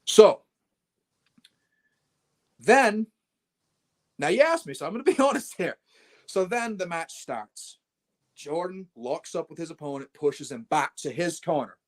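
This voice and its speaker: A man, a wrestler guest on an interview show, telling a blunt, animated story and acting out his own quoted lines. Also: fairly high pitch, a little slow, pauses often.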